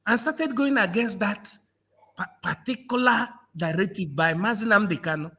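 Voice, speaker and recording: A man's voice: high-pitched, normal speed, bright, forceful tone, slightly rough. A man from Nigeria in a political discussion, mocking and repeating phrases, laughing often. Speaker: panel guest.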